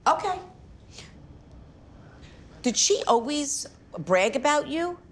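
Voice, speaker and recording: A woman's voice: high-pitched, big pitch swings, takes it slowly, a little hiss or hum. A middle-aged woman, a psychic medium addressing a live audience in a chatty, emphatic way. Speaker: psychic medium leading a group reading.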